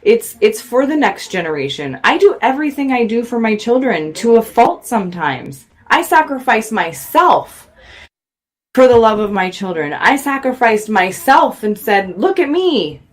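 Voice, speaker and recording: A woman's voice: a little high, big pitch swings, normal speed. Earnest woman host talking about love. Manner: earnest, reflective, speaks louder when worked up. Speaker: radio show host. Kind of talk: motivational talk to viewers.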